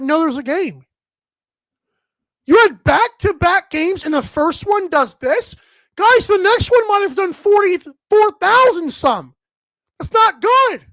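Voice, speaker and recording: High-voiced woman ranting about sports. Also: a bit bright, dry recording. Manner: rambling, exasperated, many fillers. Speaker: sports podcast host. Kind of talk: casual sports talk rant.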